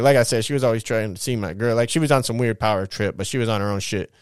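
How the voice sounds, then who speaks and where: A man's voice: medium pitch, fast, few pauses, clear, resonant tone, dry recording, clean studio sound. A man hosting his own show, telling his life story in a casual, slangy, profane way and acting out the people in it. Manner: profane, slangy street talk; animated retelling with quoted voices.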